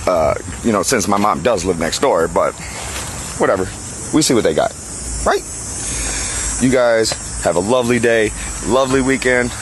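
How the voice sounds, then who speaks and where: A man's voice: mid-range voice, fairly bright tone, slight background noise, rough recording. A man talking outdoors on a roof as a roofing contractor, blunt and heated, cursing freely in a casual vlog. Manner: blunt, heated, swears a lot. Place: outdoors on and near a house roof.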